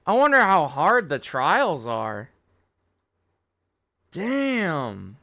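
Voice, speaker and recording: High, animated young man streaming games. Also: extremely slow, vocal fry. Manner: rambling, self-critical, swears often. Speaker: game streamer. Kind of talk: casual live-stream chat.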